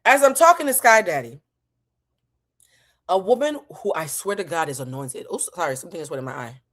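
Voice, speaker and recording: A woman hosting her channel, telling a story in an animated, profane, dramatic way. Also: fairly low pitch, a little fast. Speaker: host. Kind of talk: casual comedic storytelling.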